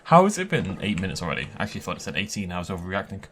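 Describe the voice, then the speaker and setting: A man giving an excitable, chatty tour of a park built in a game, laughing often as he goes. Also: deep voice, very fast, slightly rough. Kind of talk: casual gameplay commentary.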